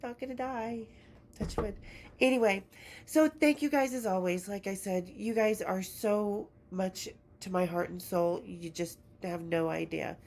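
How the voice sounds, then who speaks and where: A woman's voice: medium pitch, measured pace, a little mellow. A woman hosting her podcast in a casual, affectionate chat while sick and congested, swearing freely. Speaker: podcast host.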